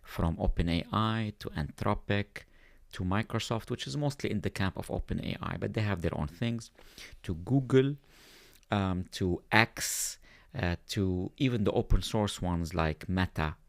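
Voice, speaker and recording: A man speaking as a podcast guest, explaining at length in a thoughtful way and pausing on fillers. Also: fairly low pitch, creaky, no room sound. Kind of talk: conversational explaining.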